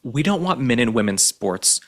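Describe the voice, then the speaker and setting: A man's voice: mid-range voice, very animated, moderate pace, a bit bright. A young adult man hosting an opinion commentary show, sarcastic, mocking and emphatic. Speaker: show host.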